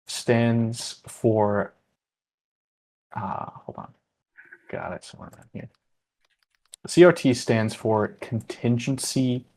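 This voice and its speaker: A man narrating a tabletop role-playing game as game master, casual and loose with fillers. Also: mid-range voice.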